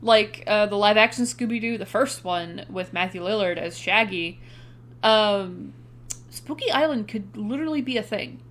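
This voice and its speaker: In casual podcast chat, a young female co-host recaps a movie, laughing often and cursing from time to time. Her voice is medium in pitch, a bit bright, and at normal speed.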